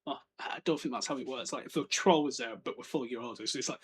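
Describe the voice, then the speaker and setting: This podcast host speaks very fast with hardly any pauses, his mid-range voice slightly rough. He breaks down a book chapter casually, laughing a lot and trying out silly character voices.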